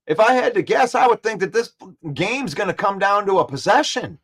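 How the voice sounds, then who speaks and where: A man hosting a daily sports talk show, excitable and trash-talking, repeating himself as he builds his case. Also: high-pitched, moderate pace, breathy edge.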